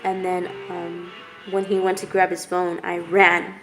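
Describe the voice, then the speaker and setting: A young adult woman telling a personal story to camera in a hushed, halting way while she holds back tears. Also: lowish voice, monotone, faint music behind, rough recording. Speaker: vlogger.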